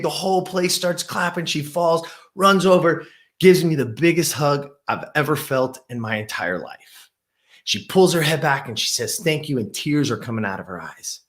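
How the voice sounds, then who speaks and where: Speaking at a moderate pace, this middle-aged man, a gym owner and host, shares a motivational story on camera. Excited moments lift his voice, and reflective ones bring it down low.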